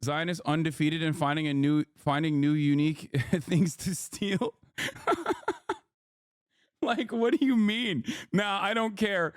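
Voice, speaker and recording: A man streaming live, reacting with loud, mocking, animated rants. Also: on the high side, a little slow, pauses often, clean tone, dry recording, studio quality.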